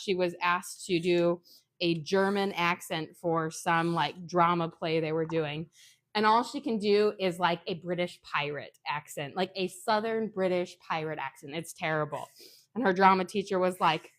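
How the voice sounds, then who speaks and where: In her own kitchen, a cooking vlogger demonstrates a recipe step by step, chatting casually and wandering off into family stories. Her lowish voice is fairly bright, with fairly even intonation and a moderate pace.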